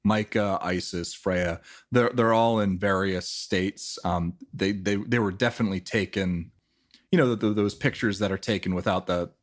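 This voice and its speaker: Low-voiced rambling game master, man. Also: steady tone, normal speed. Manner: rambling, many fillers and restarts. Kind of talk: narrating a tabletop role-playing game.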